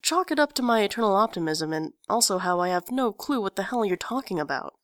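A woman voicing a sardonic, self-deprecating young man with a dry, wry, quiet delivery. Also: medium pitch, expressive, a little fast, dry recording, close to an everyday voice.

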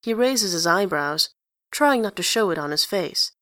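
A woman reads a story aloud in an even, conversational tone. Her voice sits on the low side, and the recording is close and dry, with no echo. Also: moderate pace. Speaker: narrator. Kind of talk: story reading.

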